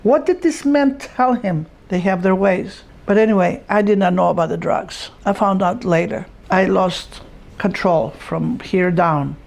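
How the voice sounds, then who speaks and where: A woman, the player's mother, giving measured personal testimony in an interview with simple, blunt phrasing. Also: mid-range voice, vocal fry, a little mellow.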